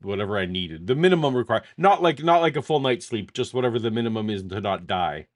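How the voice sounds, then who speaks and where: A man's voice: fairly low pitch, expressive, fast talker. A man from Canada co-hosting a podcast, chatting casually in a laid-back way and joking and laughing often. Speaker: podcast co-host. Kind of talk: casual chat.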